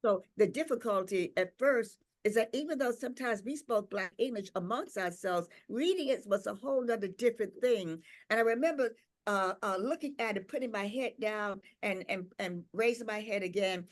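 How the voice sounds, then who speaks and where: An older woman speaks at a tribute gathering and shares a personal memory in a slow, reflective way. She repeats words, pauses on "um" and "uh", and keeps drawing the audience in with "right?". Her voice sits in a middle register. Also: mid-range voice. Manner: reflective and unhurried, with frequent "um" and "uh". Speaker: invited speaker, professor.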